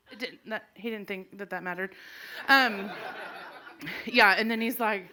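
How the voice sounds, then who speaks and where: A woman's voice: fairly high pitch, unhurried, pauses often, bright, forceful tone. A woman telling a true comic story on a live stage, laughing through her lines and acting out the people she quotes. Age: 40s. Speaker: storyteller comedian. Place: small live venue stage.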